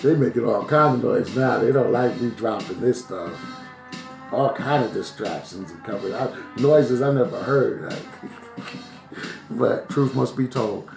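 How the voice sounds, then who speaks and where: A man's voice: medium pitch, a little slow, creaky, darkish tone. Preachy man from New Jersey. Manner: preachy, emphatic, keeps asking "right?". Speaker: vlogger. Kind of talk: live-streamed commentary. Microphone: phone. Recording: echoey room with faint music.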